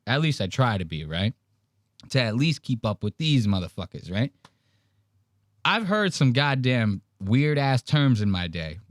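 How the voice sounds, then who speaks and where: A man's voice: mid-range voice, no room sound, clean studio sound. A man hosting a podcast, telling crude stories and mimicking others in a profane, mocking way. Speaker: podcast host. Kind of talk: crude comedic podcast commentary.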